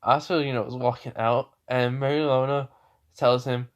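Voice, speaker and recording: A man's voice: medium pitch, steady tone, moderate pace, lo-fi sound. A man casually retelling a fan story, rambling with many fillers and self-corrections.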